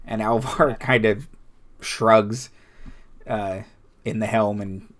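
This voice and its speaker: A man narrating a tabletop game as game master, halting, with many fillers and restarts. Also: on the low side, fairly even intonation, fairly bright tone.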